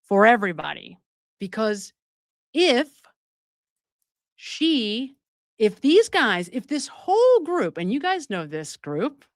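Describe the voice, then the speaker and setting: A woman's voice: mid-range voice, no echo, clean studio sound. A woman hosting a true-crime commentary livestream, talking emphatically and often checking in with viewers through rhetorical questions. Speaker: show host.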